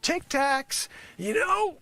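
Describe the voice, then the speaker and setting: A man's voice: extremely high pitch, sing-song, very slow, sharp tone, dry recording. A man doing an improvised comedic rant, exasperated and rambling. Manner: exasperated, rambling, repeats "freaking". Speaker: comedy performer.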